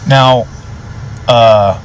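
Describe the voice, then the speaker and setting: A young adult man, a police officer, telling a story with animated delivery and lots of swearing. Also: extremely slow, slight background noise, low-quality recording. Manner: animated, swears freely, voice jumps high when excited. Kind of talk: profane storytelling.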